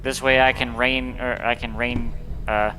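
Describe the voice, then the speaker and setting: A man's voice: mid-range voice, flat delivery, measured pace, pushed and bright, faint music behind, poor audio. A man chatting as a teammate in a mech game, wryly boasting about his loadout. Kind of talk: casual gaming chat.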